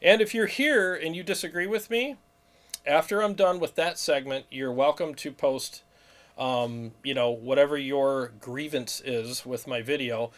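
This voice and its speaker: A man's voice: mid-range voice, measured pace, fairly bright tone. A man hosting a casual livestream, jokey and rambling. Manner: jokey, rambling, laughs often. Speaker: channel host, guitarist.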